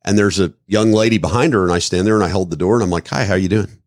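A man's voice: sits low, very fast, dry recording, studio quality. A man from the Midwest co-hosting a podcast, explaining self-defense phrasing with acted-out examples. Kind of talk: casual podcast talk.

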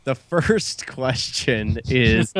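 A man's voice: medium pitch, drawn-out words, dry recording. A man hosting a casual gaming podcast, playful and laughing often as he runs the segments. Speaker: podcast host.

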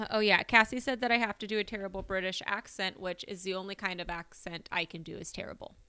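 A woman's voice: medium pitch, fairly even intonation, fast, pushed and bright, clean tone, no echo. Wisecracking woman podcaster, dry close sound. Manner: sarcastic, joking, frequent laughter. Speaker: podcast co-host. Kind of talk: casual true-crime chat.

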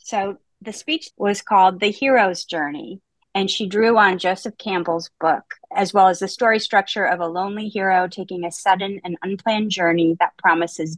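A woman's voice: medium pitch, no echo, poor audio. A woman hosting a book podcast, reading a prepared intro and leading the chat with dry, self-mocking humor. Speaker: podcast host. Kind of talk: casual book-club chat with scripted intro.

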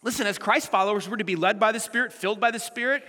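A man preaching a sermon as pastor, animated and full of rhetorical questions to the congregation. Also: sits high, rapid-fire, long reverb tail.

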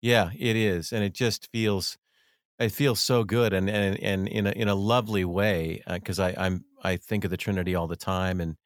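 A man hosting a conversational interview, enthusiastic and quick to affirm. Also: low-pitched, steady tone, no echo, clean studio sound.

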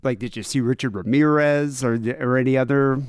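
A woman's voice: rumbling low, brisk, darkish tone, clean tone, no echo, studio quality. A woman co-hosting a podcast, interviewing a guest with curiosity and reacting with short exclamations. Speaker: podcast co-host.

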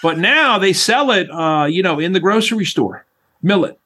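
A middle-aged man, a former chef and interview guest, telling stories in an animated way and acting out voices. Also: sits high, normal speed, slightly rough. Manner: animated storyteller, acts out voices. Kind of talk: storytelling interview chat.

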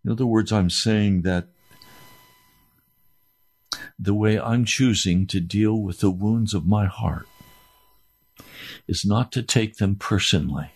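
A man's voice: on the low side, unhurried, breathy edge. A man preaching a sermon, earnest and emphatic, building his points through repeated phrases.

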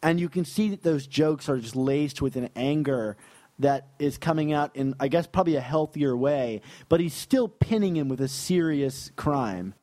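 A man from New York co-hosting a podcast, talking casually and enthusiastically about comics, laughing often and filling pauses with "like". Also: a little high, lively intonation, warm tone, no echo. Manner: enthusiastic, laughs easily, many fillers. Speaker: podcast co-host.

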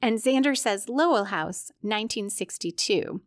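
A woman's voice: mid-range voice, animated, normal speed, no room sound, studio quality. A woman hosting a podcast, recapping a television episode in casual narration with wry, chatty asides. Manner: wry, chatty asides while reading quotes aloud.

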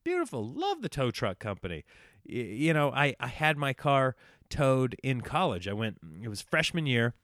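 Young guy, casual storyteller, animated and chatty, smooth voice, dry close recording. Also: mid-range voice, normal speed, no room sound. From small-town United States. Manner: animated, acts out quoted dialogue, frequent fillers and restarts.

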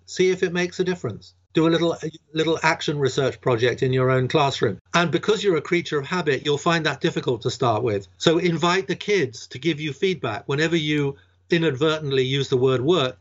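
A man explaining ideas about classrooms in relaxed conversation, often checking in with "right?". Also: on the high side. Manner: chatty, peppered with "right?". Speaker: education guest. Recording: dull lo-fi sound.

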